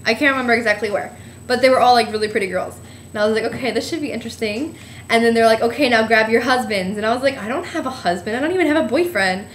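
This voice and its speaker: A woman's voice: fairly high pitch, quick pace, roomy sound, a little hiss or hum. A young woman from New Jersey telling a trip story in a giggly, rambling way, full of "like". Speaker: vlogger. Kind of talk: casual storytelling.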